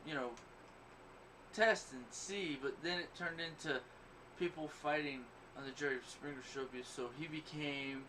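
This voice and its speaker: A man with a somewhat high voice hosts a crude, casual podcast, telling blunt stories full of profanity and bragging. He sits well back from the mic. A clear noise runs under everything he says. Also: unhurried. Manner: profane, blunt, boastful storytelling. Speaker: podcast host. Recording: distant mic, noisy background.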